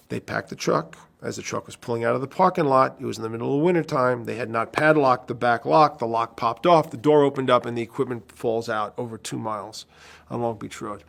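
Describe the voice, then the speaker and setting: A man's voice: medium pitch, vocal fry. A man who managed a band, telling a long, profane road story in a documentary interview. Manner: animated raconteur, profane, acts out phone calls.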